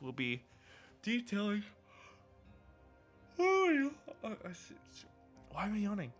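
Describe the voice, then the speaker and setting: A man livestreaming, reading a game blog aloud with excitable, rambling commentary while sleepy and yawning often. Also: sits high, moderate pace, pauses often, soft background music. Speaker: gaming streamer.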